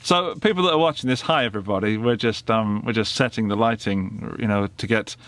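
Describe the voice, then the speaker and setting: A man's voice: fairly low pitch, a little fast, a bit bright. A British man hosting a casual interview, teasing his guest with dry, wry humor. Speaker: host.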